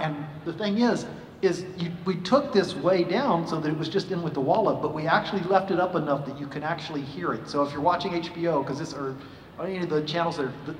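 A man's voice: a little high, slight background noise. A man, a voice actor on a convention panel, telling a casual anecdote with fillers. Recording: echoey convention hall, mic from far off.

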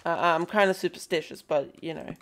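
A young woman chatting excitedly through a gameplay session, calling out playful greetings to characters in the game. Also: lowish voice, fairly quick. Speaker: gaming video host. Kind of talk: casual gameplay commentary.

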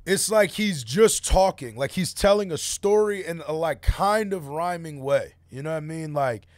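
A man talks through a track in a loose, slangy, filler-heavy way. His voice sits a touch high for a man. The sound is dry, with no room around it. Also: animated, moderate pace, no room sound. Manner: laid-back slangy opinions, many fillers. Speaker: music reaction host. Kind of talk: casual reaction commentary.

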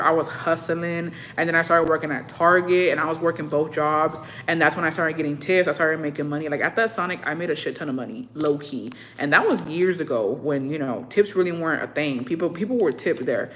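A woman's voice: low voice, brisk, few pauses, a little hiss or hum. A young woman in casual chat, telling stories with plenty of swearing and slipping between English and Spanish, acting out what people said. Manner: profane storytelling, slips between English and Spanish; animated, acts out what people said.

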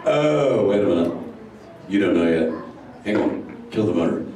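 With a low, animated voice at normal speed, a man brings a laid-back, stoked surfer-dude sea turtle to life in a live improvised show, drawling goofily and calling everyone "dude." It's recorded from far off in a large indoor theater, echoey with a loud crowd and slight background noise.

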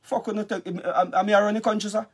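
High-voiced Jamaican man ranting. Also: little pitch movement, quick pace, background noise. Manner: angry, cursing, repetitive address of the listener. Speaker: dancehall artist. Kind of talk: heated vlog rant.

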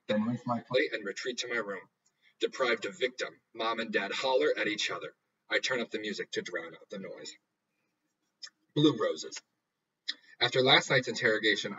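A man reading a first-person novel aloud with a dry, deadpan delivery. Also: on the low side, slight background noise. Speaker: audiobook reader. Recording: dull lo-fi recording.

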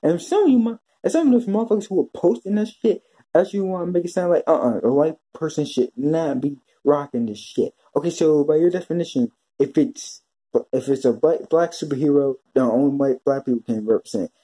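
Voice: mid-range voice, fast, mellow, husky. A vlogger ranting in a profane, exasperated way, repeating himself and restarting his sentences often. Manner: repetitive, with frequent restarts. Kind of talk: ranting commentary vlog.

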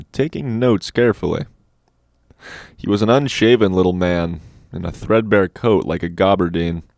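Deep-voiced male audiobook narrator. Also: a little mellow, no echo, studio quality. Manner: measured, with wry asides. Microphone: dynamic studio mic.

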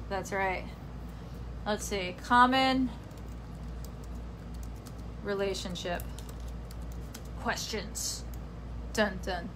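A woman's voice: mid-range voice, noisy background. A young woman in casual, rambling live-stream chat from her family home at night, reading out viewer comments. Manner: rambling, chatty, scattered.

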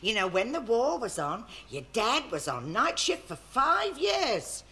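Fussy older mother, shushing, lively pitch, bright. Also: unhurried. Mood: soothing. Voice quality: fussing, shushing. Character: fussy older mother, doting on her son. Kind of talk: 1970s studio sitcom acting.

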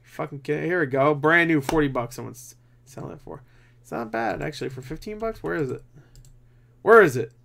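A man's voice: fairly high pitch, fairly quick, vocal fry, a bit bright. A tired young man grumbling and swearing as he talks casually while browsing game listings, with jokes at his own expense. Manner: profane, grumbling, frustrated, self-mocking. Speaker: gaming channel host.

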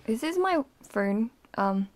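A young woman filming an excited, rambling unboxing vlog, often dropping to an awed whisper. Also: fairly high pitch, takes it slowly. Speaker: vlogger unboxing an album.

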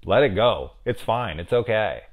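A man's voice: on the low side, lively intonation, normal speed. A middle-aged man casually reviewing a horror film, rambling into profane, chatty asides.

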